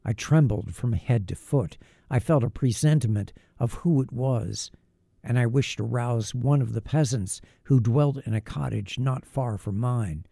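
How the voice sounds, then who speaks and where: A man narrating a novel in first person, with a measured, grave, literary reading. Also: medium pitch, creaky, warm tone, no echo, clean studio sound. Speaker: audiobook narrator.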